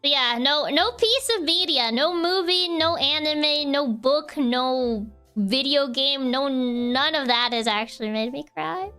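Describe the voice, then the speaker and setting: High, bright-voiced woman streamer chatting casually. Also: measured pace, soft background music. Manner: chatty, laughs often, lots of "like". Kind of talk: casual chat while reading viewer messages.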